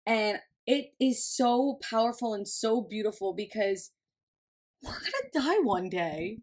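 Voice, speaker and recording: A woman in casual chat with friends, talking earnestly and warmly about raising her young son, with many "like"s. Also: mid-range voice, sing-song, unhurried. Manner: earnest, heartfelt, lots of "like". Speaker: podcast co-host.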